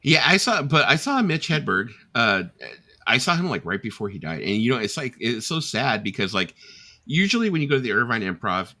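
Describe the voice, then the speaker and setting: A man's voice: mid-range voice, very animated, brisk, sharp tone. A man hosting a casual late-night chat, telling rambling stories with swearing and laughter. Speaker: host.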